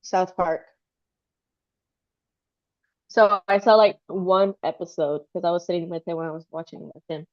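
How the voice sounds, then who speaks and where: A woman's voice: fairly low pitch, fairly even intonation, moderate pace, pauses often, highs cut off. A woman chatting casually and rambling, with lots of fillers and giggles. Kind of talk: casual chat.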